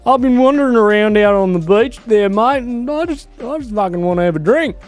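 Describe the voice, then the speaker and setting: A brash, swaggering drunk, as a man puts on a stupid voice, with a twang. The voice sits high and strained above his usual pitch, blaring and loud. Faint music plays behind. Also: animated, fairly quick. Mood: boozy. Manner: rowdy, slurring slang, swaggering. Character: loud boozy male drifter itching for a drink.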